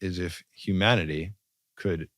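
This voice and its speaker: A man's voice: deep voice, fairly even intonation, measured pace, a bit bright, dry recording, studio quality. A man speaking as a podcast guest, earnest and searching, with some stammering starts. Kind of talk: casual spiritual conversation.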